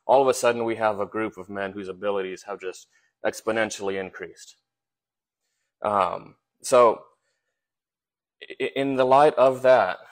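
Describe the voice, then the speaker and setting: A man with a fairly low voice preaches a sermon in a relaxed, conversational way. He often stops on fillers and repeats words as he finds his phrasing. He asks his listeners rhetorical questions.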